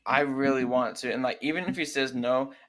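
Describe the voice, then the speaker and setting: A young man with an ordinary mid-pitched voice chats easily on a podcast. He drops in frequent fillers and sounds close to the mic. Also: fairly even intonation, brisk, a bit bright. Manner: easygoing, filler-heavy. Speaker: podcast co-host. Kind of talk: casual chat.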